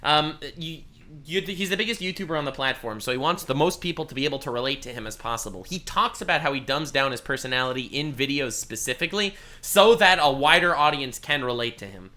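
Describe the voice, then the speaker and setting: A man's voice: mid-range voice, fast. A young man in casual commentary, reacting to a video with sarcasm, laughter and swearing. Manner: sarcastic, laughing, cursing, loose and animated.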